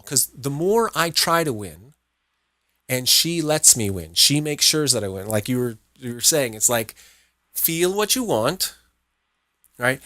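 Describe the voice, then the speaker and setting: A man's voice: medium pitch, bright, forceful tone, dry recording, clean studio sound. A man hosting an interview podcast, chatting enthusiastically, laughing often and tagging his points with "right?". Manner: enthusiastic, laughs often, repeats "right?", acts out little dialogues. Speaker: podcast host. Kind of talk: casual interview chat.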